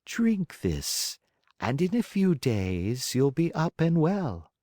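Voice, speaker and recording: Brief: patient motherly fairy, gentle and soothing, voiced by a man, storybook reading. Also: medium pitch, sing-song, slow pace, no echo, studio quality. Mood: coaxing. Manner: soft, patient, coaxing. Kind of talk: audiobook character voice.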